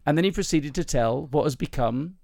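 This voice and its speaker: A man's voice: fairly high pitch, animated, a little fast, creaky, darkish tone, no room sound, clean studio sound. A man hosting a podcast, chatting casually and telling jokes, rambling and laughing often. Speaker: podcast host. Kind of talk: casual chat, joke telling.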